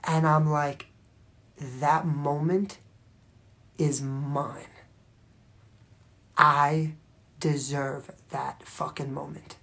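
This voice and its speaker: A woman's voice: deep voice, level tone, very slow, vocal fry, long pauses, fairly bright tone. A woman talking casually to viewers on a phone livestream, rambling and swearing freely with constant fillers. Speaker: livestream host.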